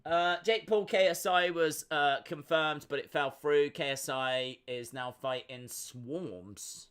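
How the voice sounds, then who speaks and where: A man's voice: on the high side, slow, fairly bright tone, clear, resonant tone. A man hosting a fight-night watch-along stream, chatting casually, reading chat messages and making jokey asides.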